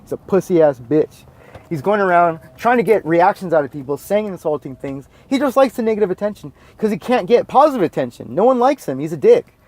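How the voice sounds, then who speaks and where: Man, higher pitch, heated profane rant, repetitive and blunt. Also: expressive, fairly quick, darkish tone. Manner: heated, blunt and profane, repeats his points. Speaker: video commentator. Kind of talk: ranting monologue.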